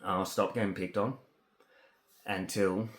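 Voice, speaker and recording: An Australian man in a rambling, agitated personal rant, full of swearing, with halting speech that gets stuck on words. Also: low-pitched, fairly even intonation, echoey room. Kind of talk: ranting personal monologue.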